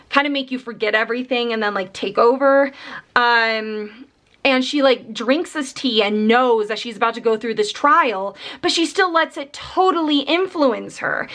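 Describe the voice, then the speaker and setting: A young woman with a high, bright voice chatting casually on her vlog. She talks animatedly with lots of filler words and slips into exasperated rants, her pitch jumping up when she gets worked up. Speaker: book vlogger. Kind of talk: casual chat.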